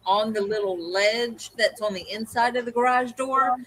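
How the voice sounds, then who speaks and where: A woman's voice: on the high side, normal speed, fairly bright tone, rough recording. A woman co-hosting a livestream, telling a story in casual chat and acting out the people she quotes. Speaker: co-host of a livestream hangout.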